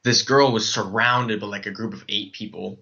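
A man with a lowish, bright, forward voice tells a comic dating story in loose, rambling casual chat. He stumbles through restarts and fillers as he goes. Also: steady tone, normal speed, vocal fry, slightly rough, dull audio.

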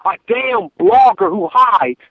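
A man calls in by phone and tells his story in a loose, animated rush, circling back and repeating himself. His voice sits very high for a man. The line is thin and phone-like, with no room sound. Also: slow pace, no echo. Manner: animated storytelling, repetitive, restarts. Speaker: caller. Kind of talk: casual phone call. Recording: tinny phone line, dry.

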